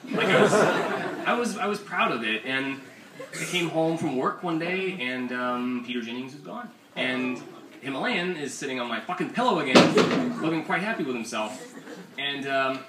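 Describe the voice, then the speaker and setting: A man's voice: medium pitch, animated, normal speed. A young man and comics author telling profane, self-mocking comic stories at a bookstore presentation. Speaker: comics author giving a talk. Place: bookstore event space, indoors. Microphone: audience camera far from the speaker. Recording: roomy, distant audience recording with ambient noise. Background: room ambience.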